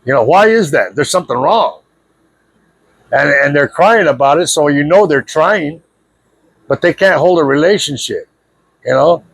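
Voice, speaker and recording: A man lectures his viewers about spiritual matters in a blunt, confrontational way, full of repetition and fillers. His voice sits a bit high for a man and is husky. The sound is dry and close. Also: animated, normal speed, pauses often, a bit bright, dry recording. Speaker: spiritual video speaker. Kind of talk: preachy spiritual monologue to camera.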